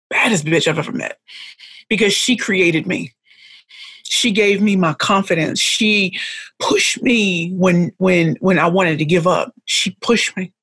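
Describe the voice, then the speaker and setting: Her mid-range voice is husky but fairly bright: a middle-aged pitch coach guesting on a podcast, emotional and on the verge of tears as she recounts her life. She drives each point home with repetition and layered phrases. There's no echo; the sound is close and dry.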